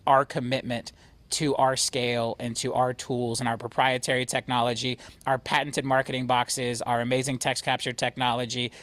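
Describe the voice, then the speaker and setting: A man leading a company, giving an energetic, emphatic motivational talk to his agents. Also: mid-range voice, moderate pace, dry recording. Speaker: real estate brokerage CEO.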